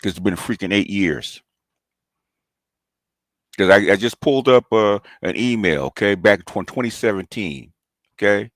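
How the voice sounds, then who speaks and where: A man's voice: on the low side, expressive, unhurried, pauses often, dry recording, clean studio sound. A man, hosting a channel and delivering a combative, taunting call-out rant, often tossing in "okay?". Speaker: commentary channel host.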